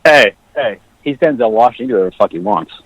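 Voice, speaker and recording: A man guesting on a casual film chat podcast, excitable and emphatic, swearing a lot. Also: medium pitch, rapid-fire, lo-fi sound.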